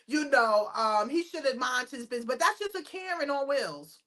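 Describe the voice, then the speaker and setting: Bright, high-voiced blunt woman host. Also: expressive, normal speed. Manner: blunt, emphatic, laughs often. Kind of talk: casual chat.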